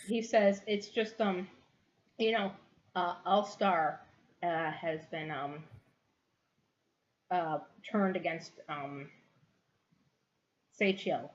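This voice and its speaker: A woman's voice: on the low side, a little hiss or hum. A woman narrating as game master of a tabletop game, giggly and rambling with many fillers, on a dull lo-fi recording.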